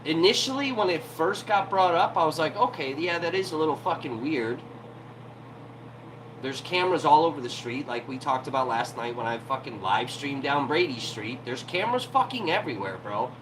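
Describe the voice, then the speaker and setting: Irritated guy cussing up a storm on a livestream from his house, voice a bit high. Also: expressive, fairly quick, hardly any pauses, background noise. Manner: profane, irritated, heated. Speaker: livestream host. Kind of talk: ranting livestream commentary. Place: home.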